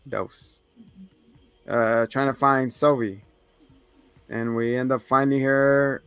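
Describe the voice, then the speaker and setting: A man's voice: mid-range voice, fairly even intonation, takes it slowly, fairly bright tone, smooth, dry recording, faint music behind. A man co-hosting a podcast, casually recapping episodes in a rambling way, with fillers and laughs. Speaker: podcast co-host.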